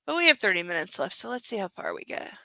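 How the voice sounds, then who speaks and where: A woman's voice: mid-range voice, sing-song, quick pace, gravelly, bright, forceful tone, dry recording, poor audio. A woman hosting a book club, reading a novel aloud and breaking off for wry, exasperated asides.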